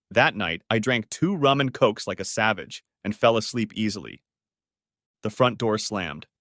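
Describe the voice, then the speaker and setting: A man narrating a dramatic first-person story in an expressive storytelling manner. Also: medium pitch, no echo, clean studio sound. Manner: expressive, switching between characters' first-person accounts.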